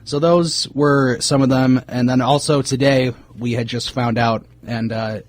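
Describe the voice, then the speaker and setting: A man's voice: medium pitch, a little slow. A man co-hosting a sports podcast, chatting casually with many fillers as he runs through player news. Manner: relaxed, many fillers, reads off player signings. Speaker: podcast co-host.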